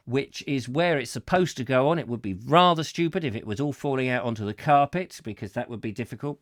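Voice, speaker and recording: A middle-aged man hosting a comic live chat show, telling stories with lively acted-out voices. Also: mid-range voice, dry recording, studio quality. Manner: lively storytelling, acting out voices with laughs. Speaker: host.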